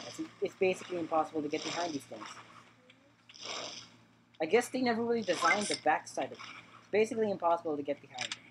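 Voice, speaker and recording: Chatty woman doing game commentary, noisy. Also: low voice. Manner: chatty, repeats words, talks to the game characters. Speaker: gaming channel host. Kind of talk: let's play commentary.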